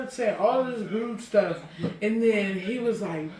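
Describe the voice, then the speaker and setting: A young woman in a storytime vlog, recounting her own story in a measured, dramatic way. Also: medium pitch. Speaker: vlogger and twin sister. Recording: echoey room, distant mic, crowd noise behind.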